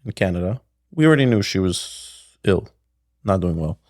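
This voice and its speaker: A man's voice: low-pitched, big pitch swings, normal speed, a little mellow, dry recording. A middle-aged man, a podcast guest, telling a story casually, rambling, with many restarts, on a close studio mic. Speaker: podcast guest, pickle maker.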